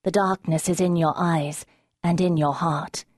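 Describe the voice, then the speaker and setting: A woman's voice: fairly low pitch, steady tone, unhurried, a little mellow, dry recording. A woman narrator voicing an earnest young woman who senses the truth in others, her voice lifted and urgent, at times dry, in a storybook reading.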